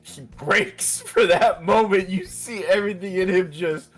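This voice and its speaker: A man's voice: sits high, measured pace, a bit bright, faint music behind. Wry storytelling man, a player. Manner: anecdotal, wry. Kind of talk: casual chat, storytelling.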